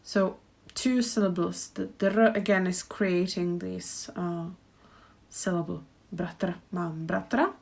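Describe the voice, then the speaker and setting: Slow, careful woman language teacher. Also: on the low side, fairly even intonation, vocal fry, darkish tone. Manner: slow, careful, repeats phrases for practice. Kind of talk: pronunciation lesson.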